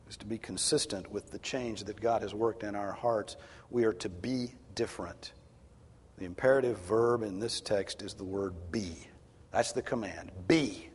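Husky preacher in an echoing hall. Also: male voice, on the low side. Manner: swings from hushed to loud emphatic exhortation. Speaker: pastor. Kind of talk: sermon. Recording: long hall reverb.

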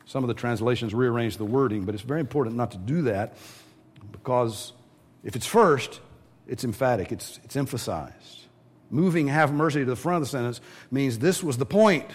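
A man's voice: mid-range voice, lively intonation, normal speed. A man preaching a sermon, teaching verse by verse and briefly acting out the voices of the people he describes. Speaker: pastor.

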